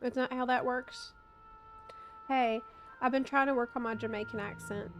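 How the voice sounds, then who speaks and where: A woman's voice: fairly high pitch, fairly even intonation, moderate pace, faint music behind. A woman in her thirties streaming a game, chatting casually with her chat. She laughs often and swears casually. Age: 30s. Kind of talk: casual live-stream chat while gaming.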